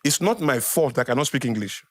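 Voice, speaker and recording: A man's voice: mid-range voice, big pitch swings, quick pace, no room sound, clean studio sound. A middle-aged man with a Nigerian accent, a guest speaking with passion on a podcast, emphatic and lecturing, repeating phrases for effect.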